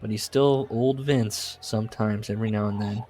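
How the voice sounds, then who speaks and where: Man, low-pitched voice, podcast co-host, casual comedic chat, mock-solemn reading. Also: steady tone, moderate pace, mellow. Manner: reads quotes aloud with mock solemnity, laughs often. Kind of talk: casual comedic book discussion.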